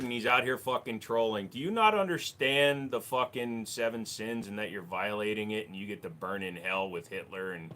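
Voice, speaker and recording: A man's voice: lowish voice, fairly bright tone. A man hosting a casual livestream, reading chat messages aloud and answering with crude jokes. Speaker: livestream host.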